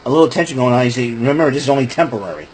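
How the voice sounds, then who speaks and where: A man's voice: mid-range voice, animated, racing, a little mellow, breathy edge, rough recording. A man hosting a casual wrestling recap show, talking in a rambling, chatty way. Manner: rambling, chatty, breaks into laughing fits.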